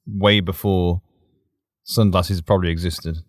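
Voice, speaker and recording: A man's voice: low voice, fairly even intonation, measured pace, dry recording, clean studio sound. A man hosting a podcast in casual chat. He is playful and giggly and teases the others. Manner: playful and giggly, teasing, jumps between voices. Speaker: podcast host.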